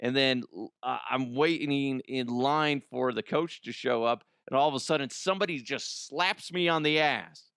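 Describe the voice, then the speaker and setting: Rambling and swearing through a casual comedy monologue, this middle-aged podcast host laughs at his own jokes while congested from allergies. His mid-range voice is smooth and fairly bright at a moderate pace, recorded dry and clean in a studio.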